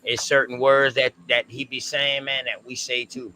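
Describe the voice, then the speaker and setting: A man co-hosting a casual history discussion stream, talking in a laid-back, slangy, drawn-out way. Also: mid-range voice, little pitch movement, sharp tone, slight background noise, rough recording. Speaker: co-host.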